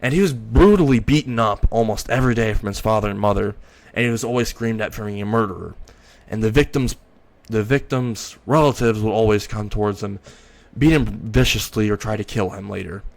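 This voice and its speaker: A man's voice: on the low side, brisk, vocal fry. A man narrating an improvised fan story in a rambling way, often correcting himself.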